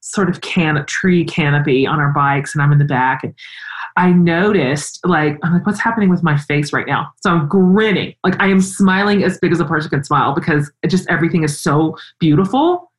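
Middle-aged woman host, low pitch, earnest and expressive in conversation. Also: moderate pace, poor audio. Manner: earnest, expressive, animated storytelling. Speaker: interview host. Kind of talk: conversational interview.

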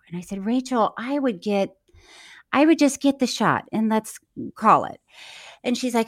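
A woman with a medium-pitched voice co-hosts a podcast, telling a story briskly in casual conversation. She acts out the quotes and laughs often.

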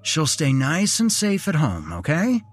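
A man's voice: a little high, wildly swooping pitch, measured pace, breathy edge, soft background music, voice pushed up, exaggerated voice. A man voicing a frightened, anxious father in a horror audio story. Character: frightened father protecting his little daughter.

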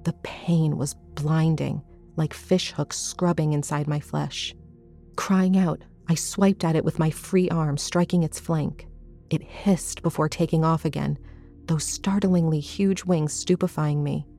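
Low, mellow woman reading a horror story. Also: fairly even intonation, gravelly, faint music behind. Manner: measured, suspenseful reading. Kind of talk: first-person horror story narration.

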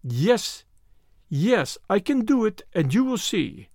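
A man's voice: high voice, sing-song, slow pace, a little mellow, dry recording, studio quality, heavily acted. A man voicing an agitated medium at a seance, with a trembling, pleading way of talking. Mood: hushed, insistent. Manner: trembling, pleading, formal phrasing.

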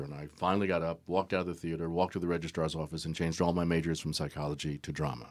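An older man, appearing as a guest actor, tells stories in a conversational interview at an unhurried, reflective pace with frequent ums and uhs. His voice is very deep and his delivery flat.

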